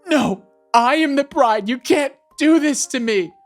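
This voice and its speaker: A man's voice: on the high side, sing-song, unhurried, voice pushed up. A man voicing a demanding young bride who sobs and wails indignantly, with background music. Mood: screaming. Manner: wailing, indignant, dragged-out words. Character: shrill sobbing young bride, demanding and entitled.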